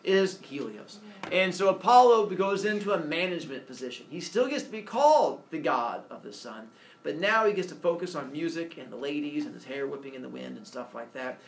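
A man teaching a class, retelling a myth in a lively, joking way and putting questions to the students. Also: fairly high pitch, brisk, gravelly. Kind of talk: classroom storytelling lecture. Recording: roomy, distant classroom sound with faint noise.

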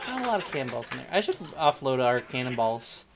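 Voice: mid-range voice, big pitch swings, fairly quick, a crowd in the background, background noise. Wry, teasing streamer at home. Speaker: streamer playing with a friend. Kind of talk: casual live game chat.

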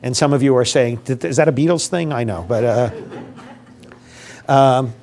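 A man's voice: mid-range voice, expressive, measured pace, pauses often, darkish tone. An older man giving a public lecture on grief to a live audience, speaking conversationally, asking the audience questions and acting out what grieving people say.

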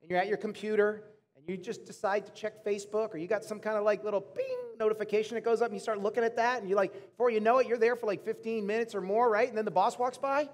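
A man in his thirties, a pastor telling stories in an animated, chatty way as he preaches to his church. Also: high-pitched, fast. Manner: animated, chatty storytelling to the congregation. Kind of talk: sermon. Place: church auditorium. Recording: long hall reverb.

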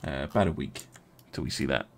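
A young man with a gravelly bass voice gives casual commentary as he streams a strategy game. He reasons out loud, talks with his viewers, and pads his pauses with lots of ums and uhs.

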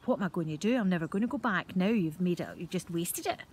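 A woman's voice: lowish voice, lively intonation, fast, darkish tone, slight background noise. A Scottish woman voicing a grumpy male brownie who grumbles in exasperation, for a storybook tale. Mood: complaining. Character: grumpy grown male brownie, cross and huffy.

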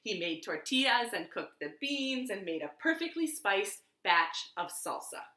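A woman librarian reading a children's picture book aloud at home, very expressive and animated. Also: medium pitch, a little slow. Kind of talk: storytime read-aloud. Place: living room at home. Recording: echoey living room.

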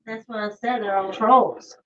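A woman's voice: medium pitch, steady tone, moderate pace, dull audio. A woman chiming in from across the room, making teasing remarks away from the host's mic. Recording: distant off-mic voice, noisy.

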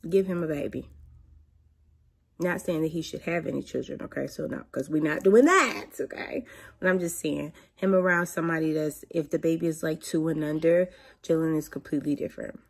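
A woman, chatting casually to camera as a mother and vlogger, animated and prone to high squeals of excitement. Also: normal speed, vocal fry, husky.

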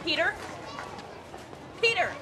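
An actress playing an indignant, combative mother who accuses and shouts in outrage. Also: sing-song, takes it slowly, a loud crowd, heavy background noise, exaggerated voice. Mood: outraged. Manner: indignant, accusing, shrill outbursts. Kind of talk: film comedy acting.

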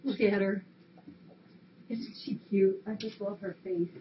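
A woman's voice: medium pitch, steady tone, unhurried. Brief: woman on a casual live stream from a cat rescue, cooing fondly at the cats over muffled audio. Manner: coos affectionately at cats. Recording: dull lo-fi stream audio, faint hiss.

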